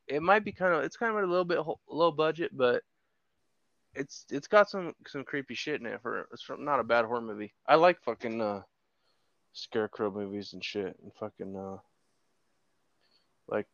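A man's voice: mid-range voice, moderate pace, a bit bright, dry recording. Male guest, hesitant loose chat, slightly muffled recording. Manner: loose, hesitant, many fillers and swears. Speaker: podcast guest. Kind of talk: casual profane chat.

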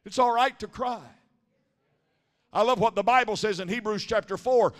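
A man preaching a sermon in church, moving from quiet storytelling to shouted climaxes. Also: high-pitched, expressive, normal speed. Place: church sanctuary during a service. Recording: reverberant church sanctuary.

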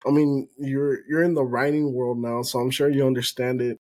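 A man's voice: mid-range voice, level tone, moderate pace, darkish tone. A man hosting a podcast, a Spanish speaker, chatting casually with his guest, encouraging her and laughing often. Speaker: podcast host. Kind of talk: casual interview chat.

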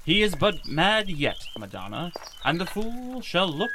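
An actor playing a witty court jester in Elizabethan stage style, wry and playful. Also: male voice, sits high, sing-song, measured pace, noisy background, exaggerated voice.

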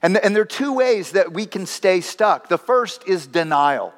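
A man's voice: sits high, lively intonation, unhurried. A male pastor preaching a sermon, telling stories with acted voices and wry asides. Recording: long hall reverb.

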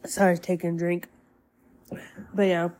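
Slow-talking young woman podcaster. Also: lowish voice, little pitch movement, darkish tone. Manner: slow, rambling, with many fillers and laughs. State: a little congested. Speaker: podcast host. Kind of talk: casual solo podcast chat.

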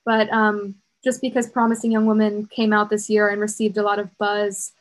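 A woman's voice: mid-range voice, completely flat delivery, normal speed, rough recording. A young woman co-hosting a podcast, talking casually with lots of fillers. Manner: chatty, uses fillers and "like". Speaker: podcast co-host. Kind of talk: casual chat.

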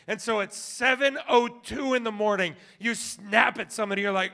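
A male pastor preaching a sermon, telling stories with big swings from shouting to hushed asides. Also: sits high, moderate pace, gravelly. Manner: animated storytelling, swings from shouting to quiet.

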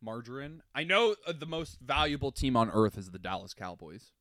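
A man's voice: mid-range voice, normal speed, dry recording, studio quality. A young man in his twenties co-hosting a podcast, chatting casually and joking with lots of laughter. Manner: animated, joking, laughs often. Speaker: podcast co-host. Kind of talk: casual chat.

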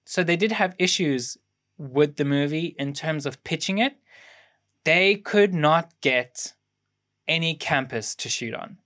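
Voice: mid-range voice, measured pace, fairly bright tone. A young adult podcast co-host chatting casually about a film, rambling through production facts with lots of ums and restarts. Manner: rambling, fact-sharing with many ums and restarts. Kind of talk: casual film review chat.

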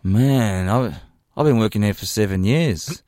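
A man's voice: fairly low pitch, expressive, unhurried, mellow, no room sound, studio quality, voice pushed down. A man voicing a drunk, rowdy male pub sound man who talks in a loose, slurring way. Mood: deflated.

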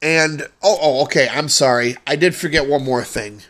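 A man hosts his own podcast and rants about everyday annoyances, swearing freely and sounding exasperated. His voice sits a little higher than most men's. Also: normal speed, a bit bright. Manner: profane, exasperated ranting. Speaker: podcast host. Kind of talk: solo ranting podcast.

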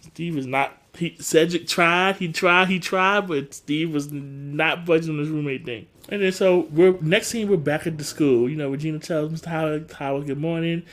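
A man, recapping a TV episode in casual chat and acting out the characters' lines with laughter. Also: normal speed. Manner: animated, acts out characters' lines with big pitch jumps and laughter. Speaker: podcast co-host recapping a TV episode.

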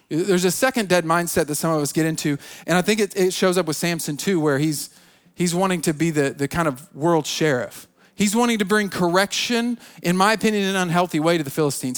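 A man preaching a sermon as a pastor, repeating himself and restarting his phrases, acting out people's excuses. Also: sits high. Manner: repetitive, stammering restarts, acts out quoted excuses.

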